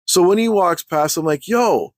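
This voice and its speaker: A man telling a story in a casual rant for his vlog, heated and full of slang, clearly fed up. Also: a little high, expressive, moderate pace, no room sound. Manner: heated, slangy, exasperated ranting.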